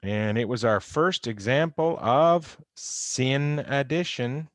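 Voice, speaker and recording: Speaking slowly at a medium pitch, this man teaches chemistry in an informal, wry recorded lecture, running through exam answers and talking directly to students. The sound is clean, studio-like and echo-free, from a close computer mic on a video call.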